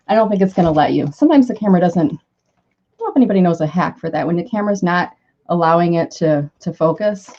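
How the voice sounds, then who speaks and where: A woman's voice: on the low side, expressive, fast talker, warm tone. A middle-aged woman chatting on a live video, gushing and effusive as she opens a gift box. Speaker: marketing consultant unboxing a gift on a live video. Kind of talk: impromptu live unboxing chat. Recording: slightly dull lo-fi audio.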